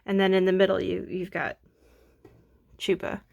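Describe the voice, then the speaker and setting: A woman's voice: mid-range voice, level tone, normal speed, gravelly, a little mellow, muffled recording. A young woman chatting casually while she draws, rambling and self-deprecating, a bit sniffly from allergies. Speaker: art vlogger. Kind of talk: casual chat while drawing.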